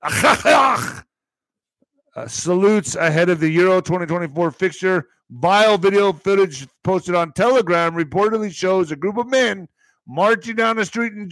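A man's voice: high voice, a bit bright, no room sound, poor audio. A man hosting his morning show, rambling casually and profanely while reading news aloud with stumbles.

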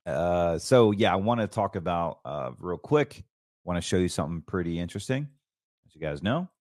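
Male show host, lower voice, fervent and preachy, dry recording. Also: lively intonation, moderate pace, darkish tone, no echo. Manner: fervent, preachy, rambling with restarts. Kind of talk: casual financial commentary.

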